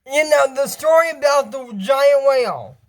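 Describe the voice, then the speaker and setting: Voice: high voice, animated, a little slow. A speaker casually recapping a cartoon episode in a rambling, chatty way, often trailing off and laughing.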